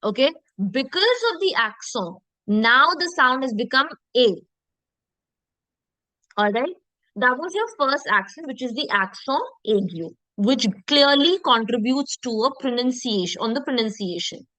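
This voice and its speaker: A woman teaching French pronunciation in an online lesson, repeating sounds slowly and checking in with her class. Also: high-pitched, animated, bright, forceful tone, no room sound, poor audio.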